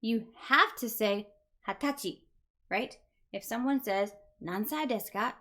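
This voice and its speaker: A woman's voice: on the high side, unhurried, sharp tone. A woman teaching a beginner Japanese lesson, patiently repeating each word for learners. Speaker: language teacher.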